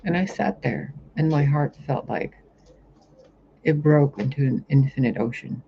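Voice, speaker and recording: A man's voice: on the high side, lively intonation, a little slow, vocal fry. A man who works as a spiritual reader, describing a vision to camera in a rambling, intense monologue and swearing often. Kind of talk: vlog monologue about a vision. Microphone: camera mic, talking to camera. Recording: dull lo-fi sound with faint hiss.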